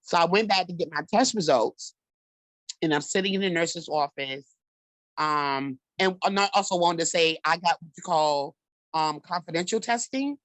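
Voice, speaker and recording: A woman's voice: fairly low pitch, normal speed, no room sound, low-quality recording. A woman guest telling a personal story in a conversational way, with lots of "like" and "you know".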